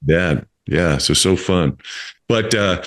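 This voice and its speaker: A man in his fifties hosts a relaxed interview with a notably low voice. He rambles, doubles back on his words and fills pauses with uhs and ums as he chats. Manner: rambling, many fillers and restarts. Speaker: podcast host. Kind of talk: casual interview chat.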